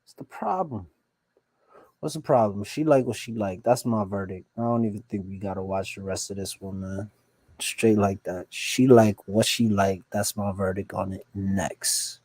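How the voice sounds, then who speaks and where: A man's voice: lowish voice, normal speed, darkish tone, no echo. A man from the United States streaming live from home, reacting to videos with blunt, joking slang commentary. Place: home at night, son asleep nearby.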